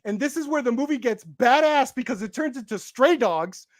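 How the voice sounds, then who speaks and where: A man co-hosting a casual podcast, recapping a movie in a rambling, halting way with many restarts. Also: extremely high pitch, expressive, no room sound. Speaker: co-host reviewing a movie.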